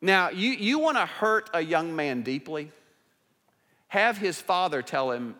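A male pastor preaching a sermon in church, speaking conversationally and moving from hushed asides to raised emphatic passages. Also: high-pitched, very animated, measured pace. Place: church sanctuary. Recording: long hall reverb.

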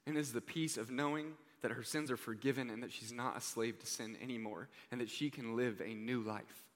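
A young man preaching a sermon, earnest and heartfelt, often dropping to a hushed voice on key points. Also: medium pitch, a little fast. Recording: reverberant hall.

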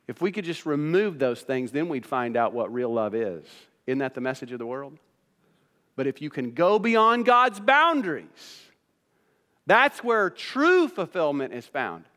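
Male pastor, high voice, preaching with rhetorical questions, hall reverb. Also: fairly bright tone. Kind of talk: sermon.

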